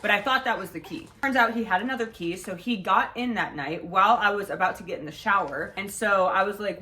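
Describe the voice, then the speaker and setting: A woman's voice: medium pitch, a little fast, few pauses, pushed and bright. A young woman telling a personal story to her viewers from home, in a frank, profane, rambling manner full of "like" fillers. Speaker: vlogger. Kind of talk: casual storytime monologue.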